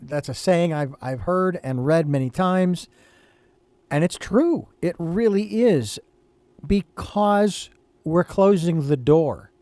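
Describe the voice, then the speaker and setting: A man's voice: fairly high pitch, slow, darkish tone, no echo. A man interviewer who asks questions curiously and agrees easily in a casual chat.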